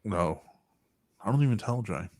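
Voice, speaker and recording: A man in his forties hosts a casual podcast chat, rambling, swearing often, and laughing frequently. His voice is fairly low and a little mellow, with lively intonation at a moderate pace, recorded clean in a studio with no room sound.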